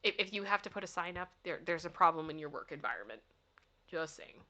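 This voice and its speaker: Bright, giggly woman livestreamer. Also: fairly low pitch, animated, fast talker, muffled recording. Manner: giggly and playful, often laughing; talks back to the chat. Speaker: livestream host. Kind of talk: casual livestream chat, reading funny signs.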